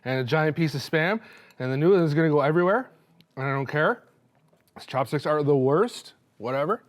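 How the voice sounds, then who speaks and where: A young man hosting a cooking show, rambling and joking excitedly as he cooks and tastes in a studio kitchen. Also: on the high side, brisk. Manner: hyped, rambling, joking, laughing between lines. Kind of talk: casual on-camera cooking chatter.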